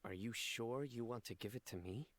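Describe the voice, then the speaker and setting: A man's voice: medium pitch, normal speed, fairly bright tone, a little hiss or hum, lightly acted. A man voicing a stern, earnest young man who speaks bluntly in a game. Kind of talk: game cutscene voice acting.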